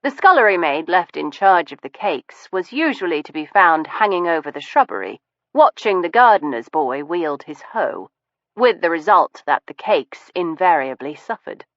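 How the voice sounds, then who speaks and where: Woman reading an audiobook, arch and precise, really lively up-and-down delivery, dull close recording. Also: lowish voice, moderate pace, no room sound. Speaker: audiobook narrator. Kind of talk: scripted first-person narration. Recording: dull, muffled studio recording.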